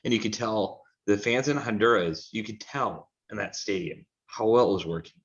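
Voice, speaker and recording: A man's voice: lowish voice, moderate pace, muffled recording. A man co-hosting a soccer talk show, giving frank, opinionated takes in a rambling casual way. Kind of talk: casual sports chat.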